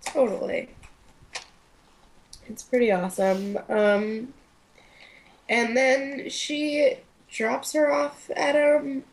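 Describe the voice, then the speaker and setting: A woman's voice: high-pitched, little pitch movement, drawn-out words, pauses often, slight background noise. Chatty young woman recapping a show. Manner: chatty, lots of fillers, acts out quotes. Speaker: podcast co-host. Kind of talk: casual chat recapping a TV episode.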